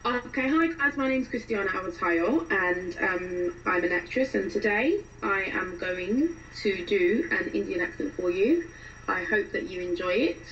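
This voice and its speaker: A woman's voice: mid-range voice, animated, a little slow, a bit bright, slight background noise. A woman actress introducing her comedy accent videos in a casual, hesitant way, with lots of ums. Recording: dull lo-fi, distant from the mic.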